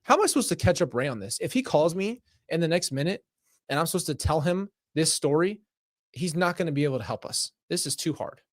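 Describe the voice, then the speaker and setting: A man live-streaming as he reads an interactive mystery story aloud, excitable, breaking off to laugh and react. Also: a little high, fast talker, no echo, clean studio sound. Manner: excitable, laughing and reacting between read passages.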